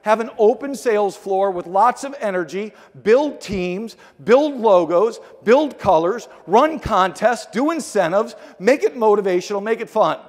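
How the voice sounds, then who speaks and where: A middle-aged man giving an energetic motivational keynote speech in a large conference hall, telling stories and acting out the dialogue. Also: high voice. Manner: energetic, storytelling with acted-out dialogue. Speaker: keynote speaker. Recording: long hall reverb.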